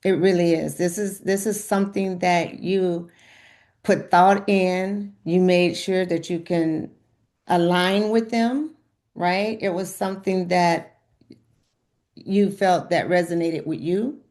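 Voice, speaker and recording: A woman coaching a client on a video call, warm in her praise and repeating herself as she cheers the client on. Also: on the low side, fairly even intonation, slow. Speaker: health coach leading a group check-in. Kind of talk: encouraging coaching session.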